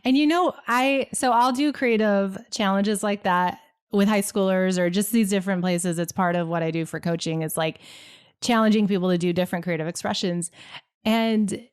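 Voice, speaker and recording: A woman's voice: mid-range voice, clear, resonant tone. A woman guest on a podcast, an author and creative coach, speaking with eager enthusiasm in casual chat. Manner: enthusiastic, quick laughs.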